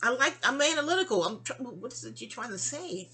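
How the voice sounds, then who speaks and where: A woman's voice: fairly high pitch, big pitch swings, fairly quick. A middle-aged woman chats into her phone at home, telling a long personal story. She wanders off on tangents and keeps circling back to her point with casual asides. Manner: rambling, digressive and chatty, with asides. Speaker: vlogger.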